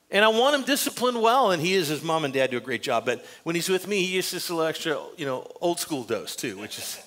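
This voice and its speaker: An older man preaching a sermon as pastor, emphatic and earnest, often dropping to quiet, confiding asides. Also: sits high. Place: church sanctuary.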